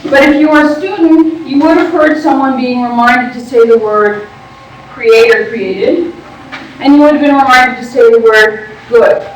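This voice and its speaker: High-pitched woman teacher running a class, bossy and quick, echoey room far from the mic. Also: a little hiss or hum. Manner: brisk, directive, prompting the group. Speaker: teacher leading a workshop. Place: large room with a group.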